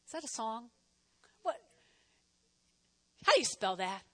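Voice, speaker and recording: A woman pastor preaching a sermon and offering appeal, talking fast in a chatty, self-mocking, animated way. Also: a little high.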